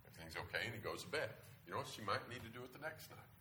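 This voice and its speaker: A man preaches in a relaxed, talky way, putting questions to the people in front of him. His voice is low but bright and clear, and it swings widely in pitch. A faint hiss sits under the recording. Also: very fast. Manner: conversational, asks the audience questions. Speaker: pastor. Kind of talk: sermon.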